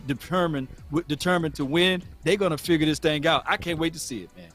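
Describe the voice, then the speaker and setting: High-voiced man in lively sports talk. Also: fast talker. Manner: animated, acts out players' quotes in a squeaky voice. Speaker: sports podcast co-host. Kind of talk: casual sports debate.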